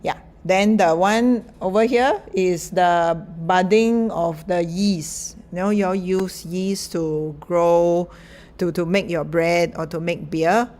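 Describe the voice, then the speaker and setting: A woman's voice: lowish voice, steady tone, takes it slowly, a little mellow. A middle-aged woman lecturer, explaining in a chatty, informal way with many fillers and small laughs.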